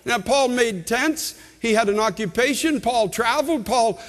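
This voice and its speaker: A man's voice: very high voice, moderate pace, a bit bright. Impassioned older man preaching in a reverberant hall. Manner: impassioned preaching, rising and urgent, repeating words. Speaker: pastor. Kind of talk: sermon. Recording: long reverb of a large hall.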